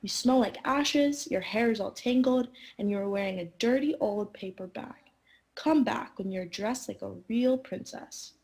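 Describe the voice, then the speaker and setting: A woman's voice: a little high, unhurried, a little mellow, rough recording. A woman voicing a snobbish, fussy young prince while reading a storybook aloud. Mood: snooty.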